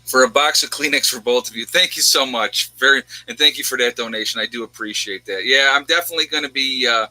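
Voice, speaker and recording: A man's voice: mid-range voice, fast talker, hardly any pauses, sharp tone, no echo, poor audio. A middle-aged man, the host, telling a personal story in a rambling, emotional way, fighting back tears and laughing. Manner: rambling, repeats himself, gets teary and laughs.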